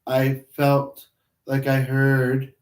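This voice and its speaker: A man's voice: mid-range voice, completely flat delivery, extremely slow, darkish tone. Man rambling in an echoey room. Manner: meandering, hesitant, reflective. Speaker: vlogger, spiritual channeler. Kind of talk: casual rambling monologue. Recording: roomy, distant mic.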